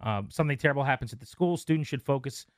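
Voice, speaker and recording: A man's voice: medium pitch, very fast, no room sound, clean studio sound. Man reading stories on radio chat. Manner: relaxed, reads stories aloud with asides. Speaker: radio host.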